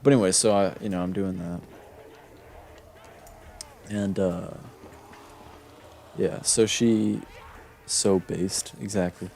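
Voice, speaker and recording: A man's voice: low-pitched, fairly even intonation, takes it slowly, vocal fry, pauses often, darkish tone, slight background noise. A young man streaming a game, telling a long personal story in a casual, rambling way with many fillers and restarts. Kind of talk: casual storytelling while gaming.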